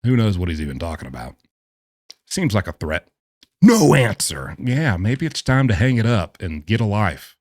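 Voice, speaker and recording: A man's voice: on the low side, very animated, normal speed, darkish tone, no echo, clean studio sound. A man hosting a casual commentary video, talking in a sarcastic, exasperated way with scoffing remarks. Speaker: true-crime commentary host.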